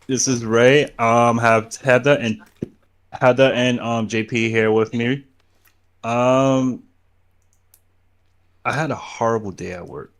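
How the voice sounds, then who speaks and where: A man's voice: mid-range voice, steady tone, slow pace, long pauses. A man hosting a casual sports podcast, laid-back and joking, with the odd um and trailing off. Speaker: podcast host.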